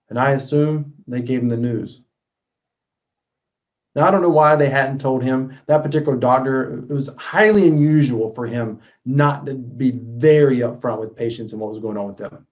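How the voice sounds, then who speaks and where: Male motivational storyteller, earnest, loud then hushed, warm low timbre, muffled audio. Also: normal speed. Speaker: motivational speaker. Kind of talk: storytelling talk. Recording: dull lo-fi recording.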